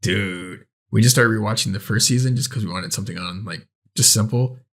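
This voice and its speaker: Podcast co-host, young adult man, lower register, relaxed and enthusiastic, casual swearing. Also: fairly quick. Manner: loose, swearing, enthusiastic recommending. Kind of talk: casual chat.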